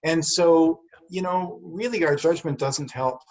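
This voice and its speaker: A man's voice: a little high, a little slow. Earnest male co-host, dull lo-fi sound. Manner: earnest and reflective, with many repeated words. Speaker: podcast co-host. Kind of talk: casual chat and storytelling.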